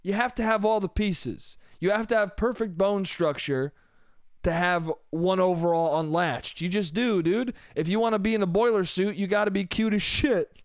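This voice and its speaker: This podcast host has a high voice and speaks at a moderate pace, captured in a dry, studio-quality recording. He's a young man running a solo comedy show where he rambles, mocks himself, swears a lot, and addresses the listener as dude and bro.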